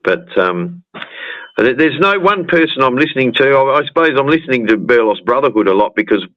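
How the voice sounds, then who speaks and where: A man's voice: medium pitch, sing-song, a little fast, no room sound. Australian man, muffled lo-fi call. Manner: rambling, repeats words, laughs often. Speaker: guest musician. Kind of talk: casual chat.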